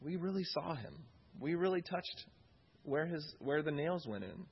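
Earnest husky male preacher, lo-fi. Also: fairly high pitch, lively intonation, normal speed. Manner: earnest, repeats key phrases for emphasis. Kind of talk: sermon.

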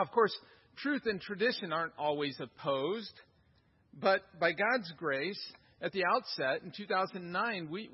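Guy preaching, pretty high husky voice, says things twice for punch, kinda dull lo-fi recording. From United States. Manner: earnest, repeats phrases for emphasis. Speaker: pastor. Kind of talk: sermon.

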